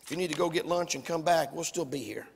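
A man, preaching a fiery sermon loudly, with folksy humor and shouts. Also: fairly high pitch, quick pace, vocal fry, big-room sound, slight background noise. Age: 40s. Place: church sanctuary.

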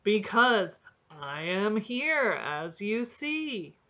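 A woman's voice: mid-range voice, lively intonation, slow, highs cut off. A woman voicing a peevish, melancholy old male woodlark who talks in a grudging, despondent way. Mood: peevish, gloomy.

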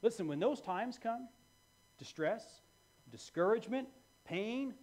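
A man preaching a sermon as pastor in a church, animated and moving between hushed and loud delivery. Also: sits high, measured pace.

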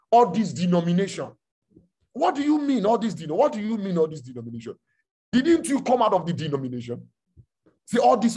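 Male preacher, sermon, husky voice, animated pitch, rhetorical questions, repeated phrases.

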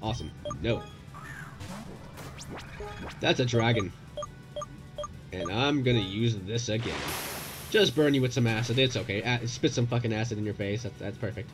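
A young man commentating his own gameplay, excitable and profane, yelling at the game in bursts. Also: mid-range voice, moderate pace, long pauses. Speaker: gaming YouTuber. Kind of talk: let's play commentary. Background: game music.

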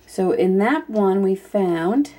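A young woman chatting casually through an unboxing vlog, thinking aloud and at times breaking into excited squeals. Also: medium pitch, slow. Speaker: YouTube vlogger.

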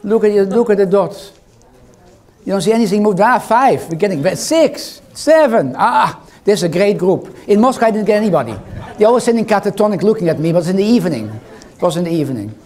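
This is an interactive lecture in a hall, where an older man with a foreign accent quizzes and teases the crowd. His high voice moves at a quick pace, expressive and a little mellow.

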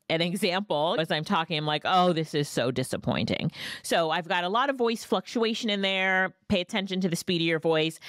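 A woman hosting a casual software tutorial, chatty and lively, recorded on a studio microphone. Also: fairly low pitch, dry recording. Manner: chatty, lively ups and downs. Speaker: tutorial host. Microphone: studio dynamic mic.

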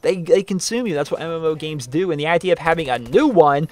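Fast-talking man reading and answering viewer mail. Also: fairly high pitch. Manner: rambling, repeats himself, animated emphasis. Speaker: host answering viewer letters. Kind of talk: casual spoken commentary.

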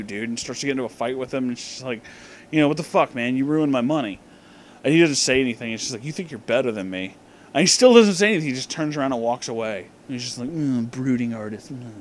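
A young man giving a profane, sarcastic comedic movie review, ranting about the film. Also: a little high. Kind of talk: drunk comedic movie rant.

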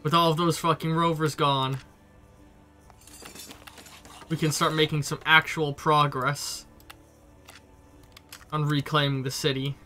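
A man with a stuffy cold giving casual, excitable commentary while playing a game. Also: a little high, moderate pace. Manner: chatty, swearing, excitable reactions. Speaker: let's play streamer. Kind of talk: gameplay commentary.

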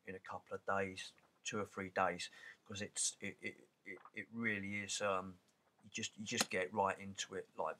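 A man's voice: fairly low pitch, noisy background. A man in his forties talking casually to camera, rambling, with many fillers and restarts. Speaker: channel host. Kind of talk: casual spoken commentary.

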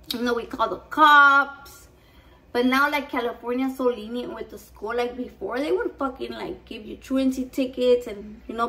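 A woman's voice: a little high, fairly bright tone, far from the mic, low-quality recording. A young woman telling a rambling, profane story in a casual vlog, slipping into Spanish. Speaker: vlogger.

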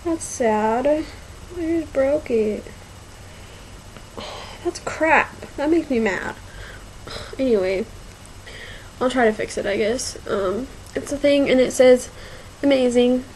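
Slow rambling young woman vlogger. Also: sits high, a little mellow, slight background noise, poor audio. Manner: slow, rambling, filler-heavy, says y'all. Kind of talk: casual haul video.

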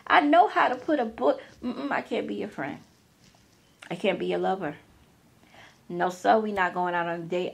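A woman who is an author, giving an animated, conversational motivational talk full of slang and playful asides. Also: mid-range voice, creaky.

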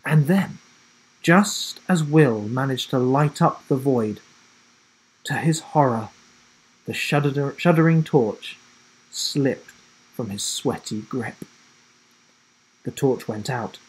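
Slow, husky man reading a story aloud. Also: low-quality recording. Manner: dramatic, dropping low and soft for suspense; self-corrects and rereads slips. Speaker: storybook reader. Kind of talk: children's story read-aloud.

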